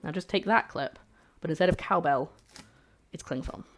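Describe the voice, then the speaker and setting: A woman's voice: fairly low pitch, normal speed. A woman chatting casually to her livestream chat while cooking, joking and poking fun at herself. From lives in Scotland. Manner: chatty, jokey, self-deprecating, talks to chat.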